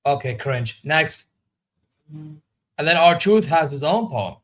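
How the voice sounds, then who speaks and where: A man's voice: on the high side, lively intonation, takes it slowly. A man hosting a wrestling reaction vlog, giving candid, opinionated, rambling commentary. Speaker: wrestling reaction channel host.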